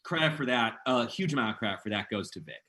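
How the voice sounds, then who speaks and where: A band member speaking quickly and earnestly in a casual interview. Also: male voice, medium pitch, lively intonation, pushed and bright.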